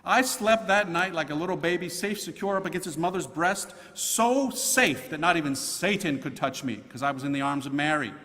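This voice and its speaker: A man's voice: fairly high pitch, animated, moderate pace, hardly any pauses, fairly bright tone, big-room sound. A man, a priest, telling his conversion story to an audience in an emphatic, slangy way. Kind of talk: conversion testimony talk to an audience.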